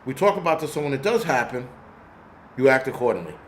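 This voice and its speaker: A man's voice: medium pitch, big pitch swings, quick pace, slight background noise. A man hosting a casual vlog who rants angrily and bluntly, with plenty of profanity. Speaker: host.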